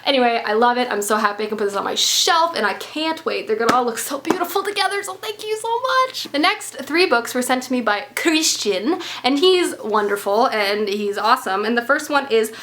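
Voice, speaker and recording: A young woman from the United States, a book vlogger talking casually and excitedly, gushing with lots of "like" fillers. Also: a little high, fairly quick, few pauses, slight background noise. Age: young adult. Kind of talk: casual book haul chat.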